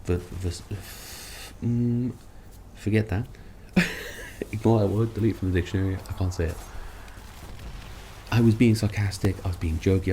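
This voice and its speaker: A man's voice: deep voice, mellow, slight background noise. A man who makes online videos, ranting about other creators in a sarcastic, rambling, self-mocking way. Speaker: content creator. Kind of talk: ranting commentary vlog.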